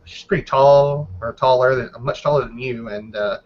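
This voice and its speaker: A man's voice: medium pitch, moderate pace, a little mellow, lo-fi sound. A man narrating a tabletop game as game master, describing scenes loosely with many hedges.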